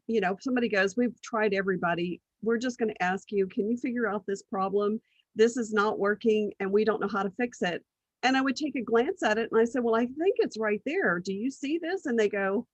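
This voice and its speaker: A woman's voice: mid-range voice, dry recording, muffled recording. A middle-aged woman telling stories from her life in a casual interview, acting out what others said and laughing often. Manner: animated anecdotes, acts out quoted voices, laughs often. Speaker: guest, business strategist.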